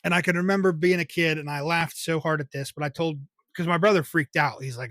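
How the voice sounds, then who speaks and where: A man's voice: on the high side, fairly even intonation, brisk, hardly any pauses, fairly bright tone, dry recording. A young man, hosting a podcast and telling casual, rambling childhood stories with swearing and laughter. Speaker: podcast host. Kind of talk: casual solo storytelling.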